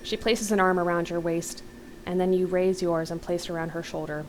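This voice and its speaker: Host: woman narrating an interactive novel, steady, lower pitch, faint noise. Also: a little fast. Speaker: let's play host. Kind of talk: reading an interactive novel aloud.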